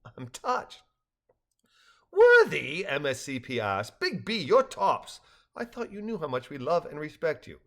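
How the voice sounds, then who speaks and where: An earnest, measured voice for a gentle, troubled telepathic balloon creature recounting its past in a storybook, read by a man. The tone is fairly high and lively, rising and falling through the telling.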